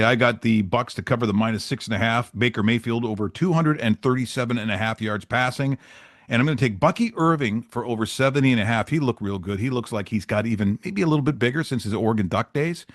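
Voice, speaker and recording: A man's voice: medium pitch, no echo, clean studio sound. Chatty male sports betting host. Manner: chatty and joking, with loose asides. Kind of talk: casual sports picks talk.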